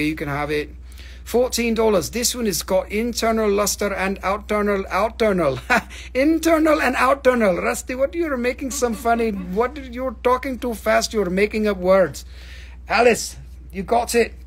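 A man's voice: fairly high pitch, slight background noise. A man selling crystals on a livestream in casual patter, joking and swearing as he rambles through prices. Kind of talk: casual live-sale patter.

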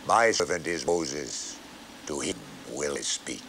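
A man voicing the Lord as a solemn divine voice, speaking low, hushed and grave. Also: lively intonation, slow, a little hiss or hum, full character voice.

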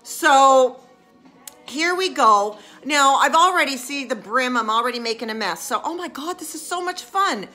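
A woman chatting casually on a live stream as she crafts, self-mocking and chatty, with excited squeals of delight. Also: high voice, moderate pace, faint music behind.

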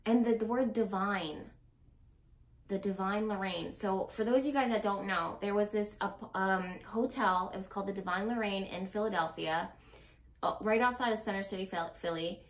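A woman's voice: mid-range voice, fairly bright tone. A woman giving a casual tarot reading to her viewers. She talks in a rambling, blunt way, swears now and then, and laughs nervously. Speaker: tarot reader. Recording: roomy echo.

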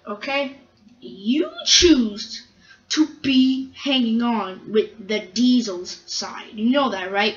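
A woman's voice: fairly high pitch, fairly bright tone, echoey room, distant mic, dull audio. A woman voicing a stern male steam engine who lectures his friend in a fan-made toy train story, with repeated questions.

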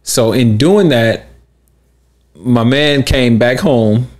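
A man co-hosting a podcast, telling a story in casual chat, acting out quotes loudly and laughing often. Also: mid-range voice, slow pace. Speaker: podcast co-host.

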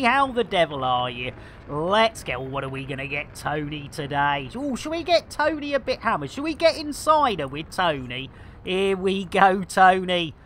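A man's voice: high-pitched, pushed and bright, a little hiss or hum. A man streaming a game, full of playful innuendo banter and with a slight frog in his throat. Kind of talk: livestream commentary.

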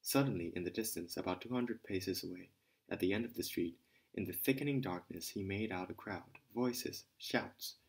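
A man narrates a novel in a hobby audiobook. His voice sits fairly low, and he reads steadily, now and then tripping over a word and starting it again. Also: normal speed, vocal fry, rough recording. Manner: occasional stumbles and restarts. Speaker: audiobook reader.

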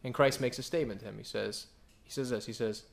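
A man preaching a sermon, animated and full of questions he answers himself, sometimes acting out voices. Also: fast talker, creaky. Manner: animated, acts out quoted voices with big pitch jumps; asks the congregation questions and answers them. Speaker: pastor.

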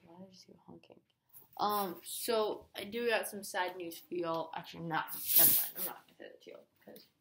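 A woman's voice: lowish voice, background noise. A young woman in a casual vlog, talking to her viewers in a chatty, rambling and playful way. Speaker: vlogger.

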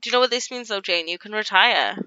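A woman giving casual gameplay commentary, chatting along and voicing her characters in quick asides. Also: medium pitch, pushed and bright, clean tone, no room sound, lo-fi sound. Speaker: gaming YouTuber.

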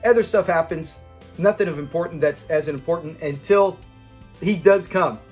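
A man's voice: fairly high pitch, moderate pace, a little mellow, soft background music. A man recapping a sitcom episode in a casual, enthusiastic, rambling way. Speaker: episode reviewer.

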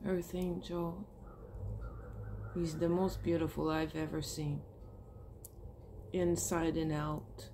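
A woman's voice: low-pitched, little pitch movement, takes it slowly, pauses often, dark tone, slight background noise. A woman talking earnestly and emotionally to her viewers in a heartfelt monologue, swearing casually. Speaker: spiritual vlogger.

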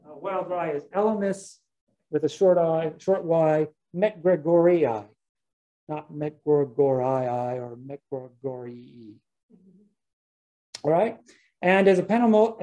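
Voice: mid-range voice, mellow, low-quality recording. A botany lecturer giving a casual talk to gardeners, chatty, often restarting sentences and dropping wry asides.

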